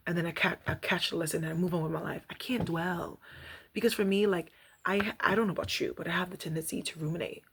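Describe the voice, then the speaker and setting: A young woman vlogging casually about rejection, chatty and animated, laughing often and reading aloud. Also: fairly low pitch, fast, creaky, breathy edge. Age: young adult. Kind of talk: casual reflective vlog.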